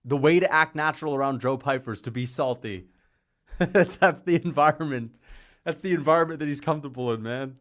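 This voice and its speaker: A man hosting a casual livestream, chatting and calling fights, rambling from topic to topic, laughing often and getting excited at big moments. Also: fairly high pitch, fairly quick. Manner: rambling, jumps between topics; laughs often mid-sentence. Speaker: livestream host.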